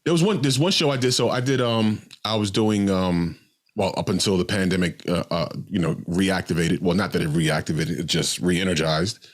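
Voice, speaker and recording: Rambling low-voiced male comedian. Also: steady tone, moderate pace. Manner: rambling, many ums and restarts. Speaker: podcast co-host, comedian. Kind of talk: casual storytelling chat.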